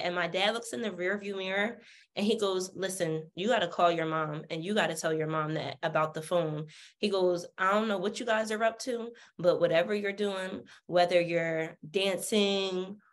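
Sassy, animated woman. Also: fairly low pitch. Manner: sassy, animated, swears freely, acts out the people she quotes. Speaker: podcast guest. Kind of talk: candid storytelling.

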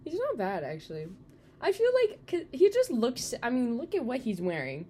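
Chatty woman with a lively, bouncy voice. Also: a little high, normal speed, slight background noise. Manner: chatty, rambling, lots of "like" fillers. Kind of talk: casual chat.

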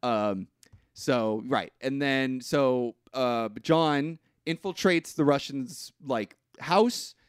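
A man co-hosting a podcast, recapping a movie in casual chat, rambling and halting with restarts and swearing. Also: medium pitch, clear, resonant tone, dry recording, studio quality. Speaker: podcast co-host.

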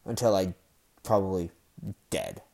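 A man hosting his own podcast, venting in an irritated, deliberately lowered voice with sighs, profanity and halting restarts. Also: gravelly, mellow. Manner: low, deliberately slow annoyed voice with sighs and profanity; halting restarts between outbursts. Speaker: podcast host. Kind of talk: annoyed solo podcast rant.

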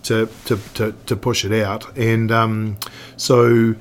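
A man's voice: lowish voice, little pitch movement, slow. Rambling middle-aged New Zealand man. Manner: rambling, many restarts and fillers. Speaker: guest, snowboard industry veteran. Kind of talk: casual podcast chat.

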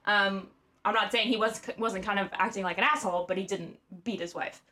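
A young woman recounts a story on a casual podcast, chatty and loose. Her talk is full of "like" and "um", and she laughs easily. Her pitch sits in a middle range. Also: steady tone, a little fast, sharp tone. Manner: chatty, lots of "like" and "um", laughs often. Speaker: podcast host.

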